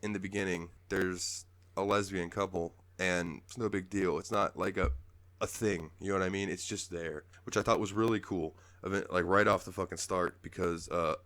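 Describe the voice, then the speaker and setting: A man with a deep voice, chatting loosely on a podcast, rambling, laughing and swearing as he goes. The sound is close and dry with no room around it. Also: fairly even intonation, moderate pace, fairly bright tone, no echo. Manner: laid-back, rambling, laughs often, swears. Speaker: podcast co-host. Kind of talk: casual game review chat.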